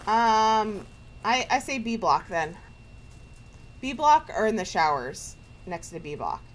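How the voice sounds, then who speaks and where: A woman with a high, squeaky voice chatting playfully while streaming a ghost-hunting game, stumbling over her words. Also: big pitch swings, slow, noisy background. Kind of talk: casual gaming chat.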